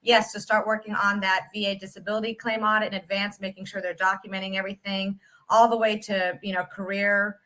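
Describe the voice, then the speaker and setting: A woman's voice: mid-range voice, little pitch movement, brisk, hardly any pauses, a bit bright. A woman hosting a casual interview, upbeat and encouraging as she wraps up. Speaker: podcast host.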